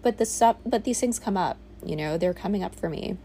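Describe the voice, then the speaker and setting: Brief: woman in her 30s, vlog diary, rambling and candid, gravelly mellow tone, faint background hiss. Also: fairly low pitch, brisk. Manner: rambling, candid, with frequent "like" and swearing. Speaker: vlogger. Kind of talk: reflective casual monologue. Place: on a boat in a small village.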